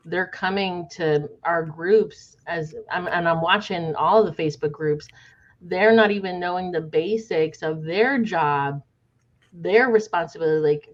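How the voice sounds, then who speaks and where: Low-voiced woman guest, lo-fi audio. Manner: emphatic, exasperated explaining. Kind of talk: casual podcast conversation.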